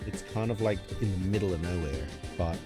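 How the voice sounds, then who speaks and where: A man's voice: low voice, a little fast. A young man chatting casually on a live gaming stream, laughing often as he plays. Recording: game music playing behind.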